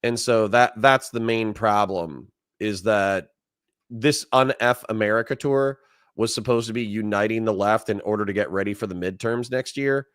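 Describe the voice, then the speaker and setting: A man's voice: fairly low pitch, moderate pace, fairly bright tone, smooth, no room sound, clean studio sound. A man hosting a casual live stream, talking bluntly and mockingly with lots of fillers. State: grumpy. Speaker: political commentary streamer.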